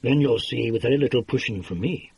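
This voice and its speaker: A man's voice: mid-range voice, brisk, gravelly, a little mellow, husky, no room sound. A man reading an audiobook, voicing a grumpy, theatrical elderly detective who lectures with weary patience. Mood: patient.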